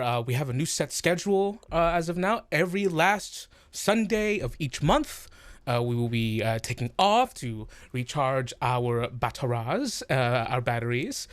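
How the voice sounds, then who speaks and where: A man's voice: on the high side, smooth, dry recording. A man hosting a tabletop game stream as game master, chatting casually with lots of fillers and laughter. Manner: laughing a lot, filler-heavy.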